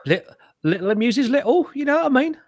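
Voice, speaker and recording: A man's voice: very high-pitched, very animated, a little fast, dry recording, clean studio sound. A man hosting a casual chat show over a video call, rambling, swearing and laughing at his own jokes. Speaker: host.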